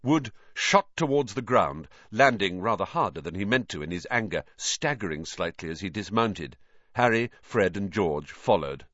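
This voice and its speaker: A man's voice: sits low, moderate pace, no echo, dull audio. A man narrating an audiobook expressively. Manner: expressive storyteller voicing every character.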